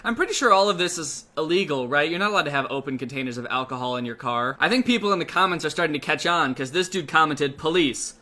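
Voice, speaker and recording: A young man talks over video clips in a sarcastic, incredulous tone. His voice sits a little high and sounds bright and forward. He keeps adding jokey asides. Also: expressive, fast, few pauses. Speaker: commentary youtuber. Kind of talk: comedic video commentary.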